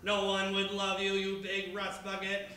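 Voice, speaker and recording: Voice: mid-range voice, completely flat delivery, measured pace, heavy background noise, close to an everyday voice. A performer doing a lonely, stiff robot man. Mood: self-pitying. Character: lonely awkward male robot programmed for love. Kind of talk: live improv theatre. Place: theatre stage. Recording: very echoey live theatre from far off.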